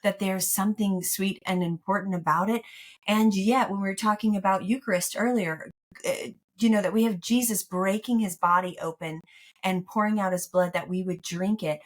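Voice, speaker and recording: A woman's voice: medium pitch, steady tone, normal speed. A woman guest on a podcast who is an author. She talks about her work in an earnest, reflective way. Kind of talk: casual podcast conversation.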